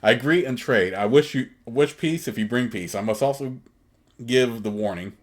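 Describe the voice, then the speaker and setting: A man's voice: mid-range voice, normal speed, a little hiss or hum, natural voice. A man voicing a proud, burly old male troglodyte warrior who speaks in broken, simple phrases. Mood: stern.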